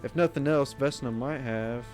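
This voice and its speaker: A man's voice: mid-range voice, moderate pace, music in the background. A man giving casual, rambling commentary as he plays a video game, talking to himself. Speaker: gaming streamer.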